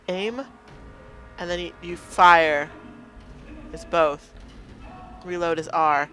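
A woman's voice: on the low side, a bit bright. A woman playing a horror game and commenting casually, nervous and self-mocking, talking to the game. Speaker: let's play gamer.

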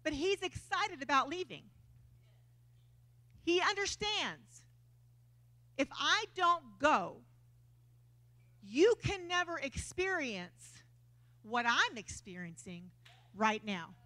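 A woman preacher, telling stories in a lively sermon with self-mocking humor at a church service. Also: high voice, slow, pauses often.

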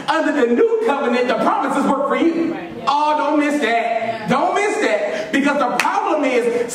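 A man's voice: very high-pitched, heavy reverb, far from the mic, low-quality recording. A man preaching a sermon as pastor, repeating his lines and calling on the congregation to answer back. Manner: call-and-response preaching, repeats lines for emphasis. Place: church sanctuary.

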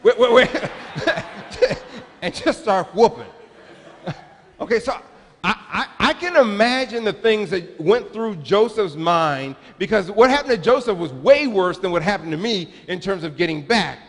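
A man's voice: high-pitched, animated, moderate pace, a bit bright, long reverb tail. A man in his forties, a pastor giving a sermon in a chatty, humorous storytelling manner, recorded in a church sanctuary.

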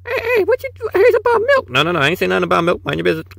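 A man's voice: sits high, wildly swooping pitch, racing, gravelly, fairly bright tone, dry recording, voice pushed up, exaggerated voice. A man voicing a streetwise tough-talking male kitten with slangy, cocky talk in a comic cat-video voiceover.

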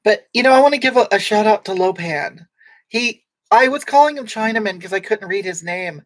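A woman's voice: mid-range voice, expressive, a little fast, dry recording, lightly acted. A woman playing a brash, sarcastic livestream personality who rambles and snaps back at viewers' comments. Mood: snarky. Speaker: livestream comedy character. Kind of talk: improvised comedic livestream chat.

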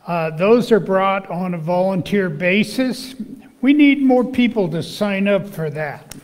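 A male pastor who is losing his voice, giving church announcements and reading scripture in a slow, measured way with fillers. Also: high-pitched, long reverb tail. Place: church sanctuary.

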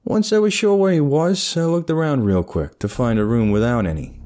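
A man narrating a dark first-person crime horror story in a casual, streetwise way. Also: fairly high pitch, moderate pace.

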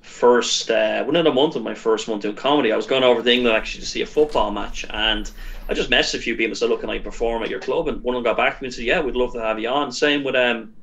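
A man who does stand-up comedy, chatting as a guest and telling stories in a lively way, with lots of fillers. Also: mid-range voice, quick pace, highs cut off. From Ireland. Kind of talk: casual interview chat.

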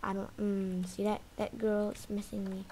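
A woman giving lively commentary while playing a video game, taunting the chaser and yelping when it gets close. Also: mid-range voice, normal speed, a little hiss or hum. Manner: animated, talks trash to the game's chaser, sudden yelps and shrieks. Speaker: gaming video creator. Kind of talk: live gameplay commentary.

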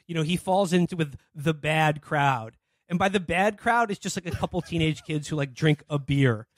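A man's voice: on the high side, moderate pace, no room sound. A man co-hosting a casual comedy podcast, swearing freely, laughing, and acting out scenes as he retells them. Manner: profane, laughing, acts out quoted characters. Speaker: podcast co-host.

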